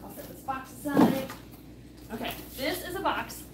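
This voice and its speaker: Woman co-host, chatty and excitable, slightly high voice, echoey room with steady background noise. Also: normal speed, far from the mic. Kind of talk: casual chat opening fan mail.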